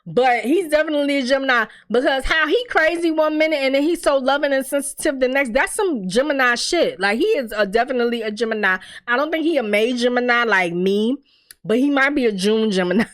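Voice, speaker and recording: A woman hosting a casual TV recap, talking in an animated, blunt and profane way and laughing often. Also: sits high, brisk. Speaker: TV recap host.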